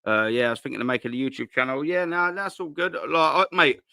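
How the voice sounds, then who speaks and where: A man's voice: medium pitch, steady tone, fast, creaky, sharp tone, no room sound, clean studio sound. A man hosting a casual live stream from home, rambling and swearing with lots of slang into a cheap desk mic at his laptop. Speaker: host.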